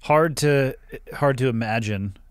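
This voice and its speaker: A man's voice: mid-range voice, a little slow, clean tone, no echo, studio quality. A male podcast host asking thoughtful, probing follow-up questions. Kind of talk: interview questions.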